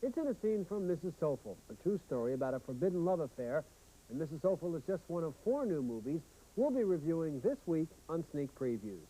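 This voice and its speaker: Male critic co-host, upbeat, slightly high, mellow voice. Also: big pitch swings, a little fast, poor audio. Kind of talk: scripted TV review.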